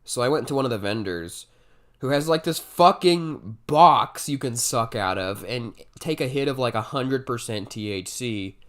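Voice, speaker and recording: A man in his twenties telling a comic story in a casual, swearing storytime style, jumping suddenly from muttered asides to loud bursts. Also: medium pitch, lively intonation, normal speed. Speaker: comedy storyteller. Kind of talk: comedic storytime monologue.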